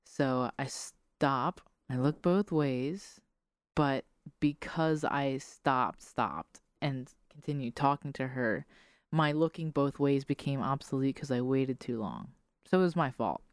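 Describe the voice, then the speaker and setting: A woman podcast host telling a casual story with animated quoted voices and frequent laughs. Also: rumbling low, slow, clear, resonant tone, dry recording, clean studio sound.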